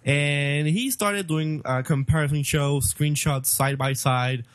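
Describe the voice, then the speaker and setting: A man co-hosting a casual tech podcast, opinionated and quick with banter. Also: on the high side, no echo. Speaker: podcast co-host.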